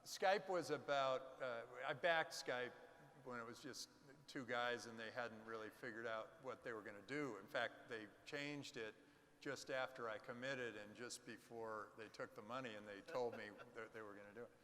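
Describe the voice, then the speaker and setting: Man, bright voice, lively anecdotes, stage chat in a reverberant hall. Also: mid-range voice, normal speed, slight background noise. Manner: animated anecdotes with acted-out quotes. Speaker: venture capitalist guest. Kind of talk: onstage fireside chat, storytelling. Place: conference stage.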